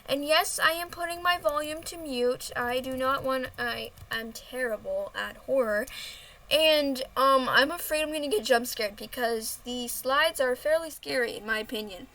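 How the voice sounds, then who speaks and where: A woman's voice: high voice, normal speed, sharp tone, low-quality recording. A young woman giving rambling, casual commentary over a video game and often correcting herself mid-sentence. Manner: rambling, self-correcting, chatty. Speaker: gaming video host.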